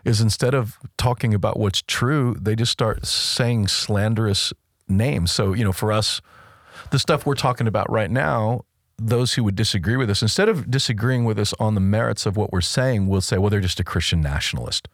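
A man's voice: on the low side, moderate pace, no echo, clean studio sound. A man co-hosting a podcast, talking through faith and culture in an emphatic, casual way and often restarting his sentences. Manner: emphatic, repeats words while thinking. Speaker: podcast co-host.

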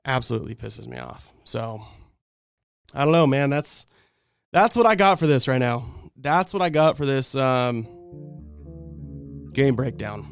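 A man's voice: mid-range voice, expressive, a little slow, creaky, long pauses, clean tone, dry recording, soft background music. A man hosting a live fan stream, breaking down a game in a heated, exasperated rant. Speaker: fan channel host.

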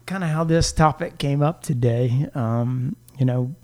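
A man in his thirties, chatting as a podcast co-host in a loose, rambling way. He laughs easily between thoughts, and his voice sits at an ordinary middle pitch. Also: unhurried, warm tone. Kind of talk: casual chat.

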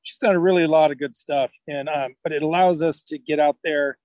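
A man's voice: fairly high pitch, steady tone, fairly quick, darkish tone, dry recording, poor audio. Rambling, easygoing man, dry close mic. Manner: rambling, self-correcting storyteller. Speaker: podcast guest. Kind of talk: casual interview chat.

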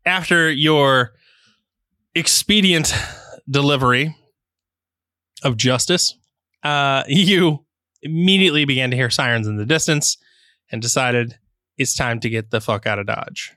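A man's voice: medium pitch, measured pace, long pauses, pushed and bright, dry recording, studio quality. A man narrating a tabletop game as game master, laid-back with joking asides.

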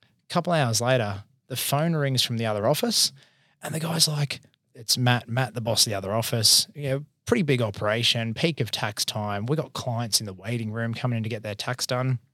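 A man's voice: mid-range voice, brisk, a bit bright, dry recording, studio quality. A man in his thirties with an Australian accent, an accounting firm partner telling stories candidly and casually as a podcast guest, with some swearing. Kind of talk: casual storytelling in conversation.

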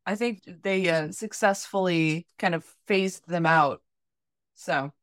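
Slow-talking woman, wry reactions. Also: lowish voice, no echo, clean studio sound. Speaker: podcast co-host. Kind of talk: casual chat.

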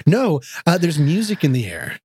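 A man's voice: fairly high pitch, wildly swooping pitch, normal speed, darkish tone, husky, no room sound, studio quality. A man co-hosting a podcast in casual chat, playful and teasing his partner. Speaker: podcast co-host.

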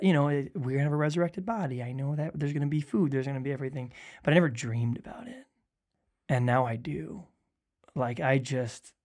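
Earnest grieving pastor, slightly high voice. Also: male voice. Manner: earnest, quotes others in soft hushed asides. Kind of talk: conversational podcast talk.

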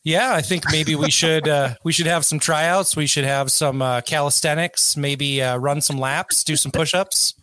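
A man's voice: a little high, fairly even intonation, normal speed, hardly any pauses, pushed and bright, no echo. A man hosting a casual podcast, joking and loose, with plenty of fillers. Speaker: podcast host.

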